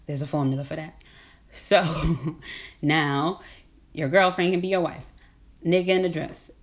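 A woman's voice: deep voice, fairly even intonation, measured pace. A woman talking in a casual, rambling monologue. She is emphatic and slangy, laughs often, and repeats herself.

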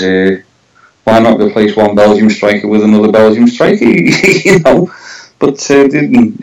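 A man's voice: lowish voice, darkish tone, poor audio. A man with a Scouse accent, co-hosting a casual football podcast, hesitant and full of tag questions. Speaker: podcast co-host.

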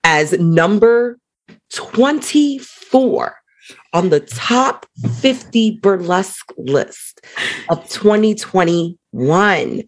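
A woman interviewing a guest in casual chat, asking questions with slow enthusiasm. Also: mid-range voice, expressive.

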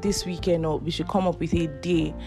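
A woman's voice: low voice, steady tone, fairly quick, music in the background. A young woman, hosting a podcast and telling a personal story casually, laughing often. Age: 20s. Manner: chatty, laughs often, acts out quoted voices. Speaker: podcast host.

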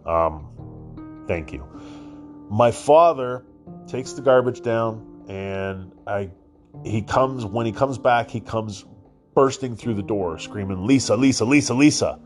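A man's voice: fairly low pitch, animated, slow, pauses often, faint music behind. A male podcast host telling a personal story casually, rambling and swearing, with lots of fillers and restarts.

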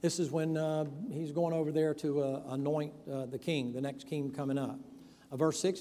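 A man's voice: a little high, steady tone, moderate pace, dark tone, long reverb tail. A man preaching a sermon, telling Bible stories in a folksy way and acting out their characters in casual voices. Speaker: pastor.

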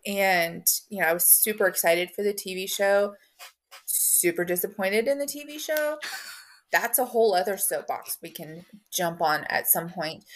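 A woman's voice: mid-range voice, a bit bright. A woman hosting a podcast, chatting casually in a rambling way with many fillers. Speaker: podcast host. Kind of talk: casual conversation.

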